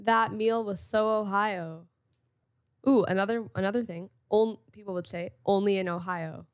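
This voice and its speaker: A woman's voice: medium pitch, steady tone, normal speed, no echo, clean studio sound. A woman hosting a spelling bee, explaining slang patiently and with amusement. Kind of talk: casual comedic chat.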